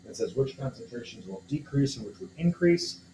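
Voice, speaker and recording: A man's voice: mid-range voice, animated, fairly quick, warm tone. A man teacher walks through a chemistry homework problem, thinking aloud and checking in with his students as he goes. His voice sits in a plain middle register. The room is echoey, with a faint hum behind him. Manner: talks through steps aloud, checks in with listeners. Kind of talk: homework walkthrough lesson.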